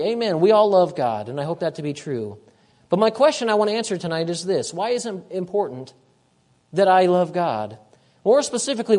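A man preaching a sermon, emphatic, repeating his key phrases and moving between loud and hushed delivery. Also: sits high.

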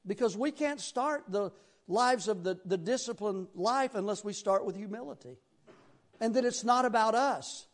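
A middle-aged man from Tennessee with a Southern accent, preaching a sermon in a folksy, rambling way with sudden loud bursts. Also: high voice, moderate pace. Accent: Southern American. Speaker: pastor.

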